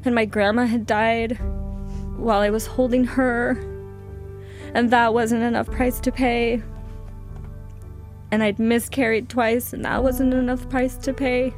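A woman guest telling a personal story in an interview, halting and emotional, with frequent restarts. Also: fairly high pitch, flat delivery, faint music behind.

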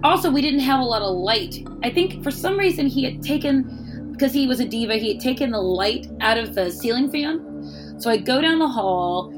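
A woman's voice: sits high, animated, normal speed, over music. A woman telling a personal story in casual speech, candid and wry, swearing and acting out what people said.

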